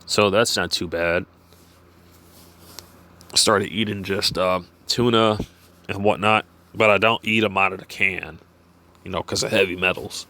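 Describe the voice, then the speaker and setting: Guy w a low-ish voice reading stuff off a page then rambling, lots of uhs. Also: steady tone, bright, forceful tone. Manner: halting, many fillers and restarts when off script. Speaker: vlogger. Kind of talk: reading from a page and musing aloud.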